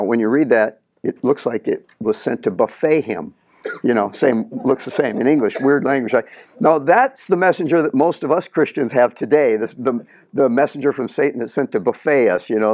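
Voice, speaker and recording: A middle-aged male pastor preaching a sermon in an animated way, acting out the prayers he quotes. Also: medium pitch, dry recording, studio quality.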